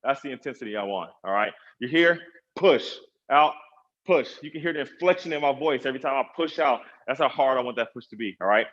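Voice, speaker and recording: Male fitness trainer, upbeat motivator counting reps, mid-pitched, muffled lo-fi stream audio. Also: lively intonation, racing, hardly any pauses, a bit bright. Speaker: personal trainer. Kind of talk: live online workout coaching.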